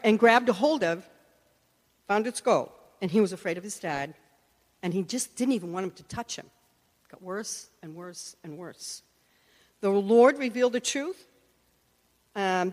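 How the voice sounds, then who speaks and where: Woman preaching in an echoey hall. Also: a little high. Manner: earnest storytelling, acts out quoted voices. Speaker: Christian teacher and prayer minister. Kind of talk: sermon with personal stories. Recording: long echoey hall reverb.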